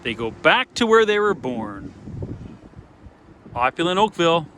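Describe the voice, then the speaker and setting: A man's voice: mid-range voice, very animated, normal speed. A man giving a rambling, easygoing tour narration by a lakeside harbor. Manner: rambling, easygoing, chatty asides. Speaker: travel and fishing vlogger. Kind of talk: casual walking-tour narration. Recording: outdoor background noise.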